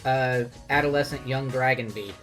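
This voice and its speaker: A man's voice: mid-range voice, moderate pace, a bit bright, soft background music. Man running a tabletop game. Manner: rambling, laughing, many fillers. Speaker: game master.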